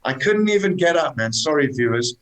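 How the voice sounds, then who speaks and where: A man telling lively travel anecdotes as a guest, dropping "man" into his sentences. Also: on the high side, fairly quick, poor audio. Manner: animated anecdotes, says "man" often. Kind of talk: casual storytelling chat.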